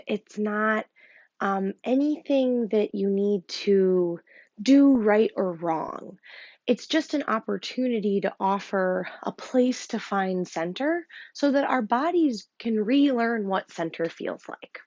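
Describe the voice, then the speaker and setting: A woman with a Rochester, New York accent, gently guiding a breathing lesson as a yoga teacher. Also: medium pitch, no echo, lo-fi sound. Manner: slow, gentle, soothing guidance with fillers.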